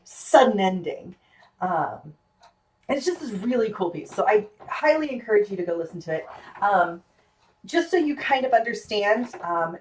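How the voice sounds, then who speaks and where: A woman's voice: medium pitch, a little mellow, far from the mic, low-quality recording. Woman, music teacher, chatty, lots of ums, a bit off-mic, piano in the background. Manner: chatty, many ums and restarts, playful asides. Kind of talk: casual music lesson at the piano. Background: piano playing.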